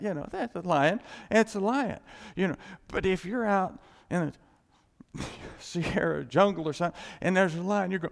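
Gravelly-voiced man preaching in a reverberant church. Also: high-pitched, expressive, a little slow. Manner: conversational, chuckling, acting out little quoted exchanges. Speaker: pastor. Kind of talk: sermon. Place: church sanctuary. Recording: long hall reverb.

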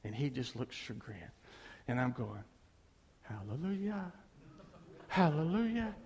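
A man, a pastor, telling a story in a sermon in an animated, folksy way. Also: mid-range voice, normal speed, creaky. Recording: long reverb of a large hall.

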